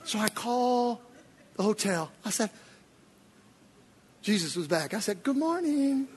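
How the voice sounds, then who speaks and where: An older man preaching, telling a story from the pulpit, swinging between low, quiet asides and loud, excited outbursts. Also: measured pace, a little hiss or hum. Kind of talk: sermon storytelling. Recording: long reverb of a large hall.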